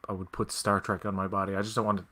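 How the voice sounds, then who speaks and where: A man's voice: low-pitched, flat delivery, very fast, sharp tone, a little hiss or hum. A man co-hosting a podcast, chatting casually and rambling with joking asides. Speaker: podcast co-host. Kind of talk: casual chat.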